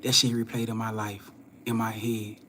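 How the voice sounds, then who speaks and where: A man's voice: normal speed, slight background noise. Man telling a spiritual story to live viewers. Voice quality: voice swings from loud and animated to low and hushed, acting out other people's lines. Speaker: spiritual reader and host. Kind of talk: casual storytelling to a live audience.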